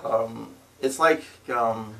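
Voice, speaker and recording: A man, a spiritual teacher, speaking slowly and deliberately, repeating himself and tagging his phrases with "See?" and "you know.". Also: medium pitch, vocal fry, pushed and bright, slight background noise. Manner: slow, deliberate and repetitive. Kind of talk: spiritual talk. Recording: voice from a distance to the mic.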